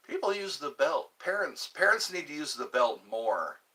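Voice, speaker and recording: A man's voice: mid-range voice, expressive, slow pace, bright, forceful tone. A man hosting his own live stream, rambling and joking between topics, greeting viewers and now and then breaking into mock cries.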